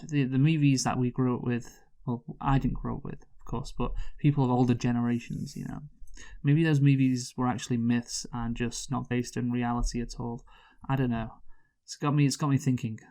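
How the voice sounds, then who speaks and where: A man's voice: mid-range voice, flat delivery, fairly quick, mellow. A man hosting a casual movie-review podcast, joking and giggling as he rambles through the credits with frequent restarts. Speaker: podcast host. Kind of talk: casual comedic chat.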